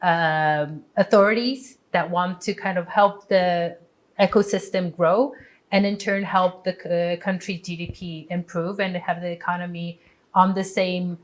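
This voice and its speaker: A woman in her thirties from Poland, a startup community founder speaking in a measured, fluent way in an interview. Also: fairly low pitch. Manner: measured, fluent with occasional fillers. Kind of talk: conversational interview.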